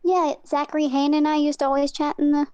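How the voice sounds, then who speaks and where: A woman's voice: sits high, level tone, fast, warm tone, lo-fi sound. A woman calling in to a live stream, an eager, chatty fan. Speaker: caller. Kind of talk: casual call-in chat.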